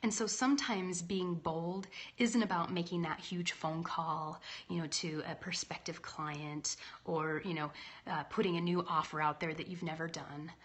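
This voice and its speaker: A woman's voice: fairly low pitch, fairly even intonation, moderate pace. A woman in her thirties, a leadership coach, talking casually and candidly to livestream viewers and often checking in with "right?". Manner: chatty and candid, with frequent "right?" asides. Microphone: phone or laptop livestream.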